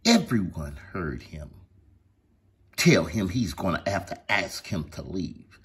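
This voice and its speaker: Deep, raspy, slow-ranting man. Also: very animated, a bit bright. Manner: ranting, emphatic, indignant. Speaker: channel host narrating. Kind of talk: angry commentary.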